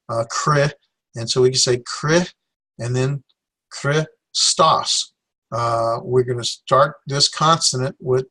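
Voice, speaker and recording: A man's voice: medium pitch, pushed and bright. Man teaching Greek syllables. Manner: halting, many fillers, sounds out syllables slowly. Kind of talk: classroom lecture.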